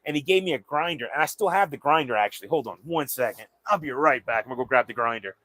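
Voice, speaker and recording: A man's voice: medium pitch, animated, fast talker, pushed and bright. A young man from the American South telling a casual, rambling story, often repeating words as he goes. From Southern United States. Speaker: vlogger.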